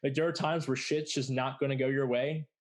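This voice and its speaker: A man's voice: medium pitch, steady tone, a little fast. A young adult man hosting a podcast, telling a long story in a rambling, casual way with lots of filler words and blunt swearing. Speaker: podcast host.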